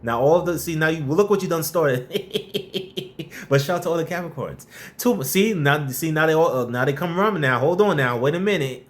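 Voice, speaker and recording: Lively high-voiced man hosting a live stream. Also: moderate pace. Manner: lively, gives shout-outs and blunt, tough-love advice. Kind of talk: casual live-stream chat.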